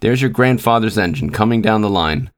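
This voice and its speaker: A weary miner's wife, curt and bitter, as a male reader voices her. The lines come from a low male voice barely lifted, terse and clipped in a read-aloud story. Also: animated, brisk, close to an everyday voice. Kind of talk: storybook reading.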